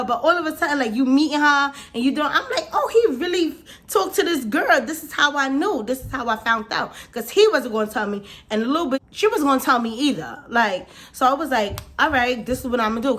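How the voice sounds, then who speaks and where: Young woman doing a storytime vlog, slangy and fired up, keeps saying like, voice a bit high. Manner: animated, slangy, repeats "like" and "y'all". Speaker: vlogger.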